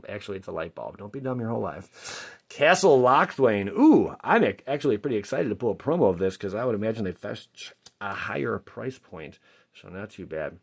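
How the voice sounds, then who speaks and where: Excitable man opening card packs. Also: fairly low pitch, brisk, creaky, husky. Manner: excitable, jokey, shouts at big pulls. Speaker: card-opening channel host. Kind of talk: casual pack-opening commentary.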